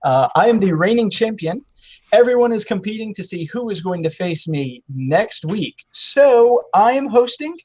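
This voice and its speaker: A man hosts a casual game show podcast with a high, husky voice that swings up and down as he talks. His playful, mock-grand showman delivery keeps the banter moving. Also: lively intonation, moderate pace, darkish tone.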